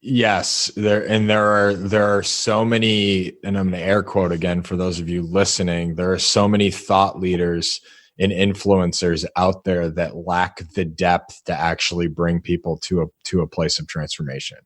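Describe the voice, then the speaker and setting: Deep-voiced man telling his story earnestly. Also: flat delivery, no echo. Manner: earnest, halting, many restarts. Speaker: podcast guest. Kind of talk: casual storytelling interview.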